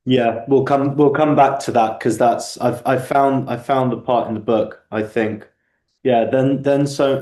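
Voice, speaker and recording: A man's voice: mid-range voice, steady tone, measured pace, a little mellow, roomy sound. A man hosting a book club video call, reflective and casual, often repeating words as he starts a thought.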